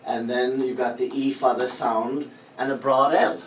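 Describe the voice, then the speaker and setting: A man's voice: mid-range voice, fairly even intonation, moderate pace, few pauses. A male language teacher explaining pronunciation step by step, patient and lightly joking. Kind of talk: spoken language lesson. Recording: roomy echo, mic at a distance, faint background noise.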